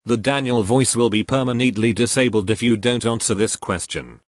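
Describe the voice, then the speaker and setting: A synthetic man's voice with a British accent, flatly reading out joke error messages and answering them. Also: medium pitch, moderate pace, no room sound. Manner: flat, even synthetic delivery that bursts into loud shouting. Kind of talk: comedic text-to-speech reading.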